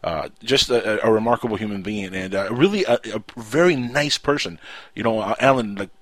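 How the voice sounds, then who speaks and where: A man's voice: on the low side, a little fast, a bit bright, no room sound. A man hosting a live talk radio show, speaking casually with many fillers and restarts.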